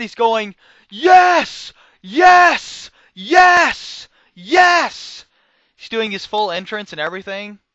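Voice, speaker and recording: A young man rants about a wrestling show in a high, lively voice that jumps around a lot. He sounds bright and sharp, and he swings between loud outbursts and quiet, dry asides. The recording is dry and a little dull. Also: clean tone, no room sound. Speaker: wrestling reviewer. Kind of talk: casual video review.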